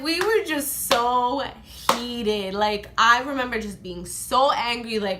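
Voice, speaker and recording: A young woman talks straight to the camera in a casual storytime vlog, her voice a little high and bright. She takes her time and acts out her friends' lines as she goes, with "like" scattered through every sentence. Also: slow, hardly any pauses, a little hiss or hum. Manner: animated, heavy use of "like", acts out friends' lines. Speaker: beauty vlogger.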